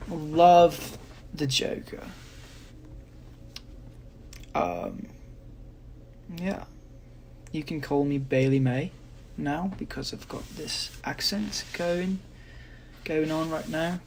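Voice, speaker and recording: A man's voice: on the high side, slow pace, creaky, pauses often, a little mellow, slight background noise. A man putting on a playful British accent while listing favorite films, with many hesitant fillers. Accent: put-on British.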